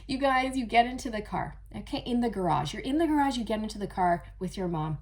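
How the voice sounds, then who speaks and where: A woman giving a casual channeled tarot reading, chatty and animated, often addressing her viewers directly. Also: on the high side, quick pace. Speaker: tarot reader.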